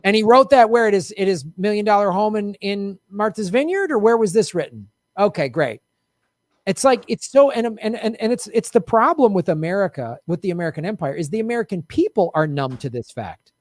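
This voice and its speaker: A man's voice: high-pitched, animated, brisk, no echo, clean studio sound. A middle-aged man hosting a casual political commentary show, heated and sarcastic, swearing freely.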